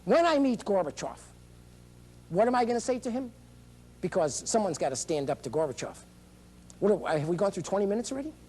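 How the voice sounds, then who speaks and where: Brief: male political candidate, high voice, rambling and eccentric, digressive showman delivery. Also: big pitch swings, a little fast, pauses often, a little mellow, slight background noise. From United States. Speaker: presidential candidate. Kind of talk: rambling campaign speech.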